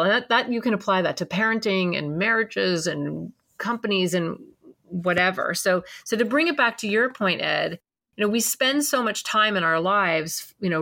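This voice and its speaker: A woman's voice: on the low side, a bit bright. A woman hosting an interview podcast in casual chat, enthusiastic and encouraging. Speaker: podcast host. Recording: hollow, barrel-like sound.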